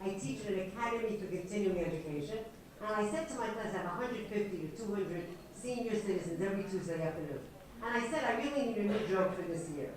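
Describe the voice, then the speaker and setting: A woman's voice: mid-range voice, fast. An older woman giving a humorous talk, telling jokes to an audience and acting out the lines of the people in them. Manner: animated storyteller, acts out lines of jokes. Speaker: speaker telling jokes to seniors. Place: large hall with a live audience. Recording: echoey hall, voice from far off, crowd audible.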